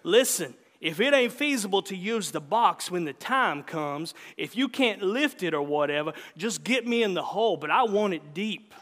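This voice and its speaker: A man reading aloud and voicing a gruff, hearty old backwoods great-uncle with a gravelly voice who hollers and insists, in a long-reverb hall. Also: sits high, lively intonation, moderate pace, few pauses, fairly bright tone, pitched above the performer's own voice. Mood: insistent.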